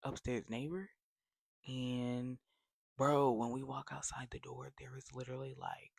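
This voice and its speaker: Gravelly young man telling a wild story. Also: mid-range voice, unhurried, dry recording. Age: young adult. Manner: animated, slangy, drops to whispers for effect. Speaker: vlogger. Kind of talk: casual storytime.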